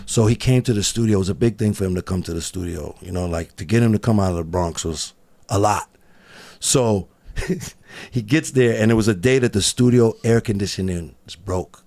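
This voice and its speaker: A man telling studio stories in casual podcast chat, animated and laughing often as he acts out what others said. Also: lowish voice, moderate pace, creaky. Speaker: studio engineer guest.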